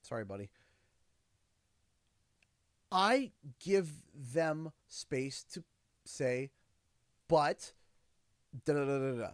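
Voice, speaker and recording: A man hosting a livestream in a relaxed, chatty way, his pitch leaping up and down as he acts out little dialogues. He sits somewhat high in pitch for a man. The sound is dry and close, with no room around it. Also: slow pace, long pauses, no room sound. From Canada. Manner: animated storytelling, acts out his kids' and his own lines in quotes. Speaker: livestream host. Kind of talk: casual livestream chat.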